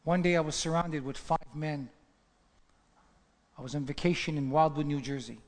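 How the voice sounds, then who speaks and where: A man's voice: on the high side, moderate pace. Fervent preacher man in a reverberant hall. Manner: dramatic storytelling, rising to fervent emphasis. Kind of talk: sermon testimony. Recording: long reverb of a large hall.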